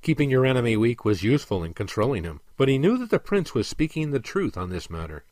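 A man narrating a storybook in an expressive, dramatic reading. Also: medium pitch, fast talker, dry recording.

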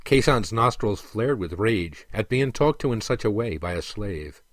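A man narrating a storybook in an expressive, dramatic reading. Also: lowish voice, normal speed, no room sound.

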